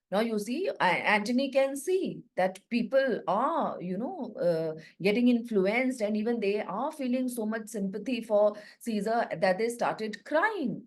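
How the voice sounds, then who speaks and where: A woman teacher, her voice sitting a touch higher than most women's. She reads each line of the play slowly, then restates it in plain words for her students, patient and explanatory. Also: lively intonation. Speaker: literature teacher.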